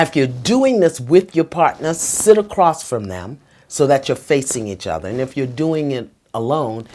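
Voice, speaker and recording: Deep-voiced woman giving relationship advice. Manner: emphatic and preachy, drops to a soft whisper when speaking the phrases. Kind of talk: talking straight to the viewer with tips.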